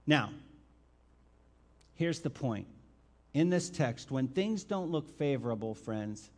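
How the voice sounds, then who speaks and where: Male pastor preaching slow, asks the room questions, leans hard on key words, middle pitch. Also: animated. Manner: deliberate, questioning the listeners directly; stresses key words with swings in loudness. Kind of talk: expository sermon with Bible reading.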